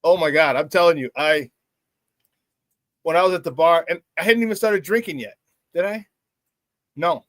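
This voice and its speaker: A man's voice: a little high, moderate pace, long pauses, a bit bright, no room sound. A middle-aged man hosting a live morning sports talk show, hyped and boisterous, laughing often as he reads out viewer comments.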